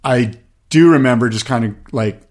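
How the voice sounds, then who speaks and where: A podcast host in his fifties tells a long, loose, casual story, animatedly acting out other people's voices and leaning on fillers like "like" and "you know." His pitch is mid-range for a man, and he speaks at a normal speed.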